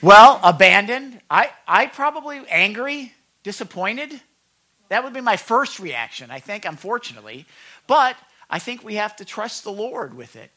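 Bright-voiced male pastor preaching. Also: high-pitched, normal speed. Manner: conversational, asks the congregation questions; acts out quoted lines with lively voices. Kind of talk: sermon.

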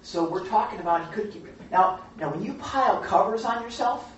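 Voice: mid-range voice, lively intonation, a little fast, slight background noise. A Bible study teacher talking casually and animatedly to a group, often asking them questions. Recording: very echoey room, distant mic, dull sound.

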